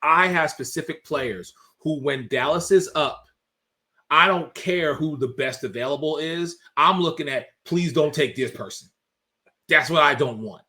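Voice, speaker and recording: A man hosting a casual sports talk show, emphatic and opinionated, turning excitable when he tells a story. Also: fairly high pitch, normal speed.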